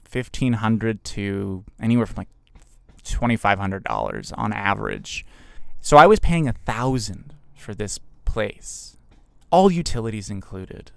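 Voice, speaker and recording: A man's voice: lowish voice, big pitch swings, measured pace, gravelly, no room sound. A man telling a personal story in a casual, conversational way, with fillers and restarts.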